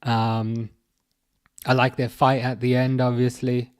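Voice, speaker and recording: A man hosting a live football watchalong, reading chat messages aloud and answering them in a chatty, halting way full of fillers and restarts. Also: mid-range voice, completely flat delivery, smooth. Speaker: livestream host reading chat.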